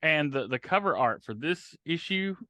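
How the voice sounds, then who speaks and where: Male co-host, joking banter; bright, tense tone, dry booth sound. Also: a little high, lively intonation, normal speed, no room sound. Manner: dry jokes, laughs at banter. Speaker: podcast co-host. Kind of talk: casual chat.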